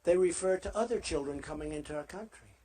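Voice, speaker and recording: A man's voice: on the high side, quick pace, dark tone. A man running for president gives a rambling, boastful campaign rally speech to a live crowd and repeats himself often. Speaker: presidential candidate.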